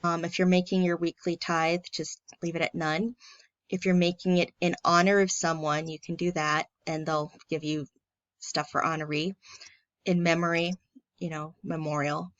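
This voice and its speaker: A woman's voice: on the low side, flat delivery, normal speed, no echo, lo-fi sound. A woman from a church staff, talking through an online tutorial in a friendly, plain step-by-step way. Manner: friendly, plain step-by-step walkthrough with filler ums. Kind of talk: casual screen-recorded tutorial.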